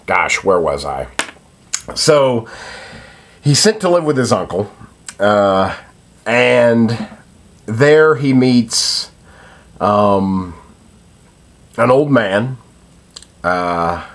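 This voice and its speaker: A man's voice: lowish voice, fairly bright tone. A young man giving a casual spoken film review, hesitant and full of ums and uhs.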